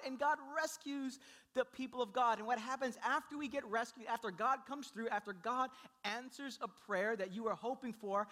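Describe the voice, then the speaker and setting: A man delivers a sermon in a notably high voice with a bright, forward tone. He tells the story with animated energy, slipping into quick voices for the characters he quotes. His pitch climbs high when he gets emphatic and drops low when he slows down. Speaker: pastor.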